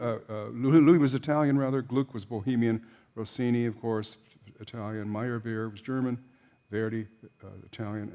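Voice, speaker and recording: An older man lecturing a class on opera in a relaxed, chatty way. His pitch sits in an ordinary middle range, and he fills his talk with small asides and restarts. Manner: chatty and anecdotal, with frequent fillers and restarts.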